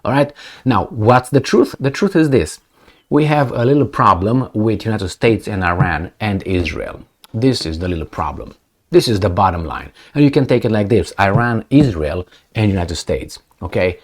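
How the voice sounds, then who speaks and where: A man's voice: lowish voice, animated, normal speed. A man giving casual, sarcastic commentary on news clips, with many fillers and restarts.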